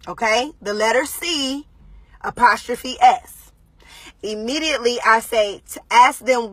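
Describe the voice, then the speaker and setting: Woman, shaken mother addressing livestream viewers, higher voice, dry close mic. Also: a bit bright, no echo. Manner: shaken, pausing often with ums. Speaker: mother giving a livestream update. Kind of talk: casual live video talk to viewers.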